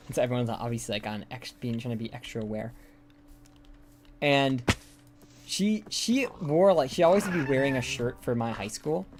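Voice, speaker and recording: A man's voice: mid-range voice, moderate pace, slight background noise. A young man from the United States chatting casually while streaming a game, rambling and swearing freely. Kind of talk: casual live-stream chat while gaming. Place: indoors, room by a hallway.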